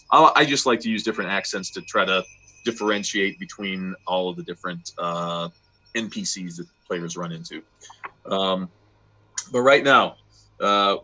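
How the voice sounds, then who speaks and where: A man's voice: low-pitched, pushed and bright. A man running a tabletop game as game master, narrating and explaining in a loose, chatty way with many fillers and restarts.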